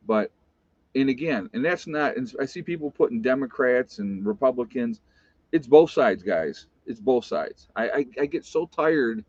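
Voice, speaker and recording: A man's voice: mid-range voice, darkish tone, no room sound. A man from upstate New York, a vlogger talking back to viewer comments in a rambling, exasperated monologue full of fillers and restarts. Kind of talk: casual opinionated monologue. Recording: dull, dry lo-fi sound.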